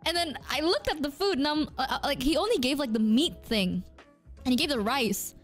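High-pitched giggly woman storyteller. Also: fairly quick, soft background music. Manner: animated, giggly, acts out quotes. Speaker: streamer telling a story. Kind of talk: casual storytelling in a played clip.

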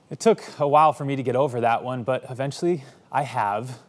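A man in his thirties, a pastor telling stories from his childhood in a sermon, animated and acting out the voices in them. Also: medium pitch, brisk. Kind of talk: sermon storytelling.

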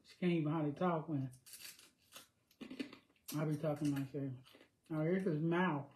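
Older woman, folksy food-vlog chatter, unhurried and mellow. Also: sits low, fairly even intonation. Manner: savoring, folksy, murmurs "mm" between bites. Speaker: food vlogger. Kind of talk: casual eating vlog chat. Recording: roomy echo.

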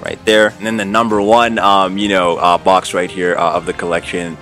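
A man's voice: deep voice, little pitch movement, moderate pace, a bit bright. A man hosting an unboxing vlog, gushing and effusive, tacking "man" onto his lines. When he gets thrilled he stammers and repeats himself. Faint music plays behind him. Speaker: unboxing channel host.

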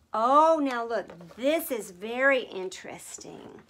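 A woman teaches little children in a soft, unhurried voice that often falls to a whisper. Her pitch sits a little high and her pace is slow and patient. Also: animated. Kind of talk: gentle teaching for toddlers.

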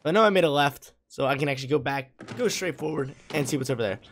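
A young man, a little hoarse, giving laid-back, slangy gameplay commentary with excitable bursts. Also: fairly high pitch, quick pace, a little hiss or hum.

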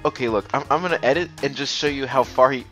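A young man giving excited gameplay commentary, often stammering and repeating himself. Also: medium pitch, quick pace. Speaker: let's play gamer. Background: game music.

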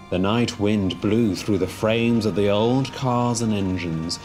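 A man doing scripted storybook narration in a measured, storytelling manner. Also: on the low side. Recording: narration over music.

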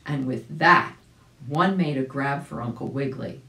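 A woman reading a children's story aloud as a volunteer reader, gentle, with small asides. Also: extremely low pitch, moderate pace, echoey room, poor audio. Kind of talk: audiobook read-aloud for children.

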